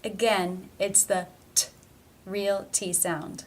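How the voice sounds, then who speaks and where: Female pronunciation teacher, mid-pitched, deliberate and clear in her demonstrations. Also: a little hiss or hum. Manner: slow, careful demonstration of sounds. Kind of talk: pronunciation lesson.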